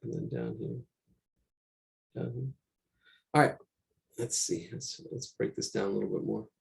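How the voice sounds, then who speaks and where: A man teaches a live online drawing class, rambling casually and repeating himself as he works on a painting shown on a shared screen. His gravelly, mid-range voice keeps a fairly even intonation at a measured pace. The sound comes from his computer mic.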